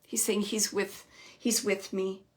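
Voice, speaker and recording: A woman hosting a live psychic reading, relaying messages to a sitter in a searching, hesitant way with many fillers and soft, near-whispered asides. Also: mid-range voice, little pitch movement, slow. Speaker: psychic medium host.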